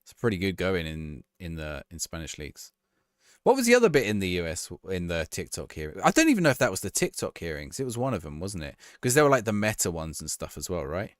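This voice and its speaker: A man's voice: low voice, wildly swooping pitch, fast talker, no room sound, studio quality. A man chatting casually to his viewers on a live stream, laughing and reacting to a match as he talks. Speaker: livestreamer.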